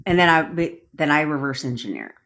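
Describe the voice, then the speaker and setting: Young woman coach, lower-pitched, foul-mouthed and direct, talking to viewers live over slight background noise. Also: very animated, fairly quick, fairly bright tone. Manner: blunt, profane, answers viewer comments directly. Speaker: manifestation coach. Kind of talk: casual livestream rant. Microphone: phone or webcam on a livestream.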